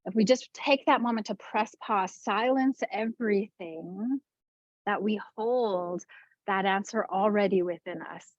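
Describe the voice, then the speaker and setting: A woman leading a wellness webinar on a video call, speaking gently and reflectively with slow stresses. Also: medium pitch, no room sound, lo-fi sound. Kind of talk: webinar talk with storytelling.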